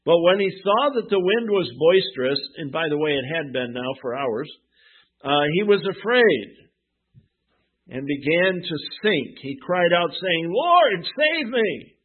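A pastor preaching a sermon who asks the congregation questions and answers them himself. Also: male voice, a little high, lively intonation, measured pace, breathy edge. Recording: tinny phone-like sound.

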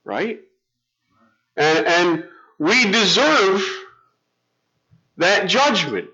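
A man's voice: high voice, sing-song, extremely slow, bright, forceful tone. A middle-aged man preaching as a pastor, storytelling in a casual, conversational way with frequent restarts. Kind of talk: sermon. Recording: dull lo-fi sound.

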